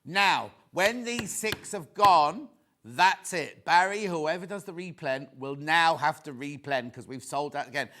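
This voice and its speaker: A man selling on live TV in a fairly high voice that swoops up and down as he talks. He is chatty and excitable, and he keeps throwing quick asides to viewers and crew between sales pitches. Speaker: shopping channel presenter.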